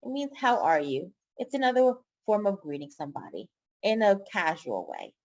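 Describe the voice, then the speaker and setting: A woman's voice: mid-range voice, wildly swooping pitch, moderate pace, a little mellow. A woman teaching a vocabulary lesson online, speaking patiently and repeating each word for her students. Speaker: pharmacy tech Spanish tutor.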